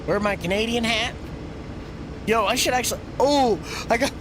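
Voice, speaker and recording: A man's voice: very high voice, normal speed, background noise. Chatty man on a game stream. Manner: rambling, chatty, answers chat. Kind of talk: casual live-stream chat.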